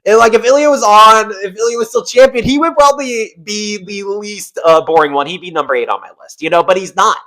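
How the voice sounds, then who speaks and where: A man's voice: sits high, a little fast, hardly any pauses, sharp tone, low-quality recording. A man giving casual commentary as an MMA YouTuber, rambling and swearing a lot.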